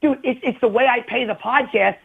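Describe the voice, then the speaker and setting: A middle-aged man argues by phone in a raised, exasperated back-and-forth, interrupting and defending himself. His voice sits high and sounds raspy and gravelly. The call comes through thin and tinny. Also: a little fast. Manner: defensive, exasperated, talks over the other man. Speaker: comedian calling in. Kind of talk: heated on-air argument.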